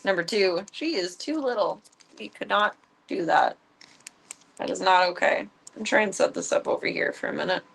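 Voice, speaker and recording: A woman streaming from her home, chatting casually and cooing at her cats in a high voice. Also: animated, normal speed, creaky, fairly bright tone, slightly rough. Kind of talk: casual livestream chat. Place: home with pets.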